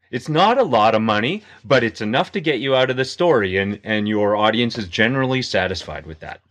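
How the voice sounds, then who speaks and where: Male guest, lowish voice, self-deprecating rambler. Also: animated, fairly quick, hardly any pauses, fairly bright tone. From Canada. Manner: self-mocking, rambling storyteller. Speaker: podcast guest. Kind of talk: casual chat.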